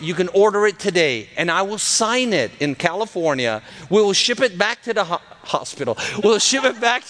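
Man in his thirties, high voice, church testimony, excitable storyteller, acts out dialogue. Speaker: guest speaker at church, cardiologist. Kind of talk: testimony sermon to a congregation.

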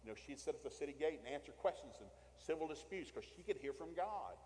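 A man's voice: fairly high pitch, animated, fast, darkish tone. A man preaching a sermon, telling Bible stories in a folksy way and acting out the quotes. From Tennessee, USA. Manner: folksy storytelling with acted quotes. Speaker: pastor. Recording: long hall reverb.

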